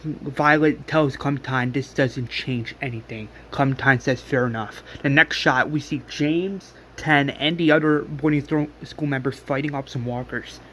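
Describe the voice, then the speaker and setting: A man's voice: mid-range voice, steady tone, moderate pace, a bit bright, a little hiss or hum. A man casually recapping a story scene by scene, rambling with many fillers and restarts. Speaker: fan retelling a story.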